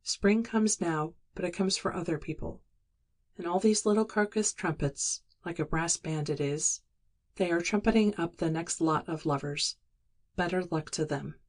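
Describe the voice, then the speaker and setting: A woman with a lowish voice reads an audiobook at a moderate pace, lightly acting the lines of a weary, regretful young working-class woman. Her manner is quiet, resigned and wistful.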